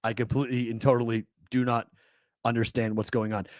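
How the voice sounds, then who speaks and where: A man's voice: medium pitch, brisk, no room sound, clean studio sound. A man with a Boston accent hosting a live sports talk show, ranting in disbelief and laughing as he talks. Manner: incredulous, animated ranting with laughs. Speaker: host.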